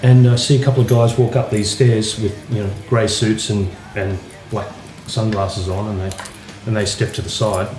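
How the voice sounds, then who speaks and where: A man, a guitarist telling anecdotes in a relaxed, casual way with plenty of fillers. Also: on the low side, moderate pace, hardly any pauses. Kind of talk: casual interview storytelling. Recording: roomy echo, faint music.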